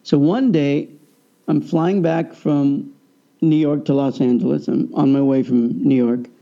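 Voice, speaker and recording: A man telling a personal story in a casual conversation, animated and acting out the people he quotes. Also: fairly high pitch, measured pace. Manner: animated, acts out quoted voices. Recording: dull lo-fi sound.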